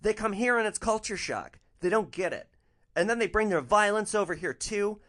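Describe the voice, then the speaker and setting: A man voicing an indignant, bigoted upper-middle-class woman passenger who rants in a high voice. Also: expressive, normal speed, a bit bright. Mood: ranting. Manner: shrill, indignant, ranting.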